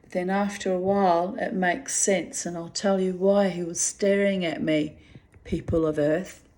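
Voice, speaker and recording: A woman's voice: medium pitch, darkish tone. A woman in her fifties from New Zealand, telling a rambling personal story straight to her listeners. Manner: rambling, chatty, addresses listeners directly.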